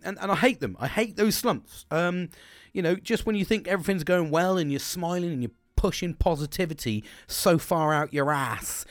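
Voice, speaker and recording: Guy in his 40s or so rambling on his podcast, swears a lot, kinda high voice, dead dry room. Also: no room sound. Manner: frank, sweary, rambling with restarts. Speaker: podcast host. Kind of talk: candid solo podcast.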